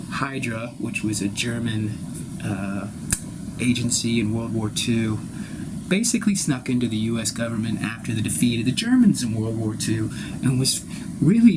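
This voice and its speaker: Rambling, profane man improvising over steady noise. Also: mid-range voice. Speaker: improv performer. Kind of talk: improvised comic monologue. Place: live-streamed solo performance.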